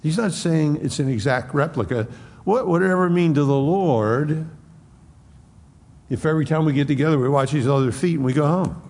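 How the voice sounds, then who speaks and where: Gravelly-voiced preacher in a reverberant church. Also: male voice, on the high side, normal speed, darkish tone. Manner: conversational, acts out quoted speech. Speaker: pastor. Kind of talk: expository sermon.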